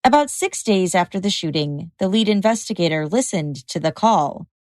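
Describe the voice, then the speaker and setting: A woman hosting a podcast, reading a scripted true-crime narration in a measured, even way. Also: on the low side, no echo. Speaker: podcast host.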